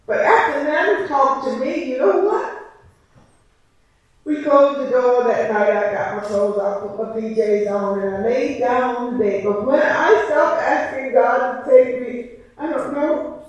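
A woman delivers an impassioned church testimony, building her points through rhythmic, emphatic repetition. Her voice sits high for her sex, and it reaches the listener from a distance in a very echoey church. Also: measured pace, muffled recording. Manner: preaching cadence with emphatic repetition. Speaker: licensed preacher giving a testimony.

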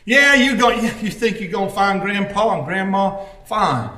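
A man's voice: high voice, lively intonation, unhurried, pushed and bright, reverberant. A man preaching a conversational sermon, telling stories with wry asides. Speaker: pastor.

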